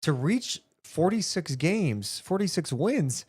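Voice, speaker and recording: Animated man co-hosting a sports livestream. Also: on the high side, slow pace, husky. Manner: animated, talks through math and reads viewer donations. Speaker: sports podcast co-host. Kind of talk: casual sports talk livestream.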